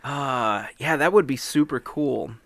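A man hosting a podcast, chatting casually and getting excited as he spins ideas. His pitch sits in a middle range, and the recording is dry and close. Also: unhurried, creaky, no room sound. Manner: excitable, storytelling with dramatic build-ups. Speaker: podcast host.

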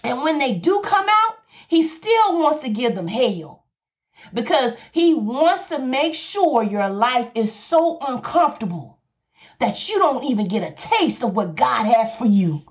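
A woman's voice: high voice, sing-song, a little slow. Southern lady pastor preaching hard, repeats herself, kinda muffled lo-fi audio. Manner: passionate, repetitive preaching. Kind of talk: podcast sermon.

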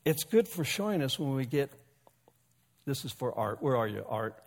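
A man's voice: mid-range voice, sing-song, moderate pace. Folksy preaching man in a reverberant hall. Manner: folksy and conversational, with humor and asides to the congregation. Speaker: pastor. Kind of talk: sermon. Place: church sanctuary.

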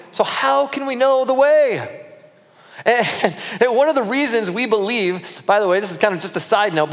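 A man preaching a sermon as pastor, retelling scripture in a lively storytelling way and acting out the disciples' voices. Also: high-pitched, long reverb tail. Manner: storytelling, acts out dialogue of disciples. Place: church auditorium.

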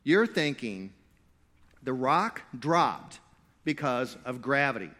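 A male pastor delivering a lively sermon at a middle pitch. He rises to loud, pressing emphasis and then drops to low, quiet asides. He plays with his listeners and keeps it jokey. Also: slow pace. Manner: animated preaching, swinging between loud emphatic stretches and low quiet asides; playful, jokey with the crowd. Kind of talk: sermon to a live congregation.

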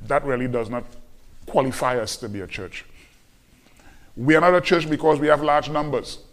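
A man preaching a sermon as pastor, emphatic and repetitive, slowing down to quote scripture. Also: medium pitch, steady tone, fairly bright tone. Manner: emphatic preaching, repeats key phrases, slows on scripture quotes.

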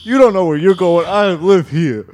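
A man's voice: high voice, normal speed, darkish tone, pitched above the performer's own voice, natural voice. A man voicing a hip-shaking Elvis-like singer who drawls and calls everyone mamas. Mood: excited.

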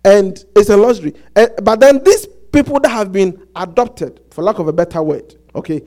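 A male pastor preaching a sermon, animated and repetitive, often stopping to ask the congregation if they follow him. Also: high-pitched. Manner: repetitive, asks the congregation "Do you get it?"; halting restarts, animated storytelling.

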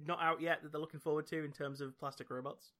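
A man hosts a loose podcast chat, wandering through his thoughts with plenty of fillers and laughs. His voice sits a little high and comes across bright and forceful. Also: fairly even intonation, quick pace. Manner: rambling, laughs often, many fillers. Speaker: podcast host. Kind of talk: casual chat.

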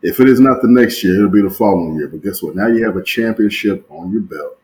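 A man's voice: fairly low pitch, quick pace, darkish tone, a little hiss or hum, rough recording. A man co-hosting a sports podcast in casual chat, slangy and emphatic, repeating phrases for effect. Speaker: podcast co-host.

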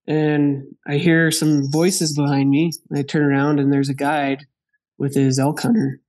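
Animated storytelling hunter man, slightly high voice. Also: unhurried. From Wyoming. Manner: animated, laughing, acts out dialogue. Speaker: podcast guest. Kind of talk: casual storytelling.

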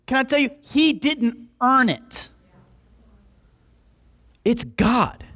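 Delivering his sermon extremely slowly, the young male pastor tells animated, jokey stories and acts out what people say. His high voice swings widely in pitch as he performs the quotes.

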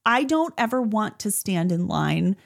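A woman hosting a podcast, chatting casually, playful and quick to laugh. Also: mid-range voice, sing-song, gravelly. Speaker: podcast host. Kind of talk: casual chat.

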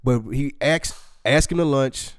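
A man's voice: mid-range voice, a little slow, no room sound, studio quality. A man co-hosting a casual show recap, laid-back and slangy, retelling scenes with quoted lines. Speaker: podcast co-host.

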